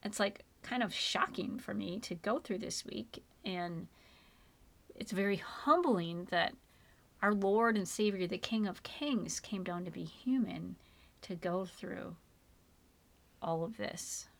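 A woman's voice: medium pitch, vocal fry. Earnest middle-aged woman podcast host. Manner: earnest, emotional, slows down for emphasis. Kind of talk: faith podcast conversation.

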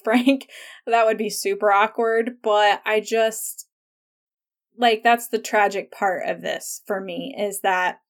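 Chatty woman podcast host. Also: medium pitch. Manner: chatty and animated, many "like" fillers and laughs. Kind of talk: casual episode discussion.

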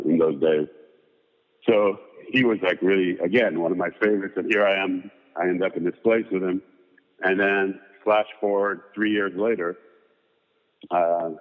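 A man as an interview guest, casually telling a long rambling story with lots of fillers. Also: low-pitched. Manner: rambling, animated anecdote with many fillers. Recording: tinny phone-like sound with long reverb.

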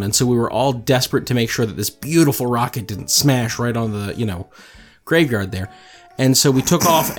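A young man from New Jersey co-hosting a casual chat, teasing and sarcastic, swearing offhandedly. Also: mid-range voice. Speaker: podcast co-host.

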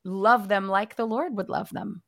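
A young adult woman co-hosting a casual faith conversation, telling personal stories in an animated way. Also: medium pitch, a little slow, no echo, studio quality. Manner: animated storyteller, acts out quotes. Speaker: podcast co-host.

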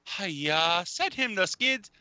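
A man's voice: mid-range voice, lively intonation, normal speed, pushed and bright, no echo. A man co-hosting a podcast, talking in an exaggerated comic put-on voice and ranting with plenty of profanity. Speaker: podcast co-host. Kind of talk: casual comedic chat.

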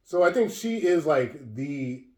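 A man in a relaxed film chat, thinking aloud with many "like"s and "um"s and swearing now and then. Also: fairly high pitch, a little slow. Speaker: podcast co-host. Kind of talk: casual film discussion. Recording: roomy echo.

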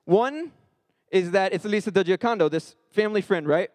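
A man's voice: high-pitched, lively intonation, normal speed, darkish tone, in a large hall. A man leading a Bible study in a conversational way, often checking in with his listeners. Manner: conversational, keeps checking in with "right?". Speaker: Bible teacher.

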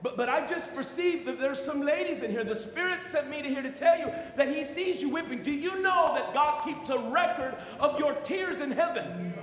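A man's voice: very high-pitched, expressive, moderate pace, hardly any pauses, fairly bright tone. A man preaching a sermon to his congregation, stammering into restarts and calling out to the room. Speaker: pastor. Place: church sanctuary. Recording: echoey church hall.

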